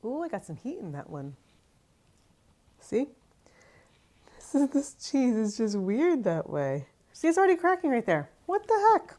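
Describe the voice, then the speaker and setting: A woman's voice: a little high, very animated, unhurried, pauses often, mellow. Chatty exasperated woman vlogging. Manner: chatty, exasperated, self-mocking. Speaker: cheesemaking channel host. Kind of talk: casual kitchen vlog talking to camera. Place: home kitchen.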